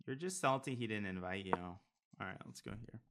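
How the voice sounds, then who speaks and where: A fairly quick, somewhat low and slightly bright voice belongs to a man streaming blitz chess online. He's expressive, joking around casually as he narrates his moves live during play.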